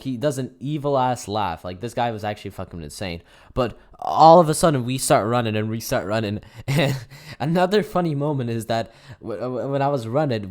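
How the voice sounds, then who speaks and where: A man's voice: mid-range voice, darkish tone. A teenage boy telling a story in a casual, swearing way, laughing as he goes. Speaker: gaming youtuber. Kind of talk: storytime narration over gameplay.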